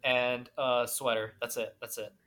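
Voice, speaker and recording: A woman's voice: very deep voice, little pitch movement, unhurried, crowd noise. A woman co-hosting a casual podcast, profane and jokey, reading news aloud between gags. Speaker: podcast co-host. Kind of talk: casual chat.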